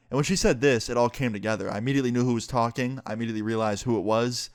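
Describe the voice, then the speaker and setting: A man telling a personal story in a casual story-time vlog, animated and full of swearing. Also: medium pitch, very fast, hardly any pauses.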